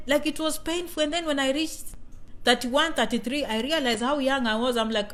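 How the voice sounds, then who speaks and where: A woman's voice: high voice, normal speed. A woman in her thirties from Kenya, hosting a casual live-stream chat with viewers, talkative and playful, often repeating phrases.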